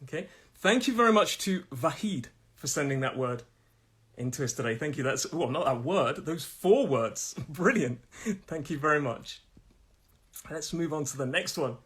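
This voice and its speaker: A man with a southern English accent runs a live pronunciation lesson. His voice sits a little high and has a husky edge. He drags out words slowly to model them and laughs easily between points. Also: expressive, a bit bright. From England. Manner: friendly, drawn-out repetitions of words, laughs often. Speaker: pronunciation teacher.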